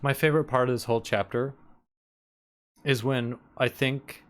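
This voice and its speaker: A man co-hosting a casual book club podcast, deadpan and profane as he acts out characters' lines. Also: mid-range voice, normal speed. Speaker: podcast co-host.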